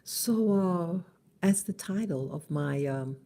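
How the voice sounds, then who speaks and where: A middle-aged woman talking in a halting, casual vlog monologue in her early-morning voice, with many restarts. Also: fairly low pitch, lively intonation, vocal fry, warm tone. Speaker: vlogger.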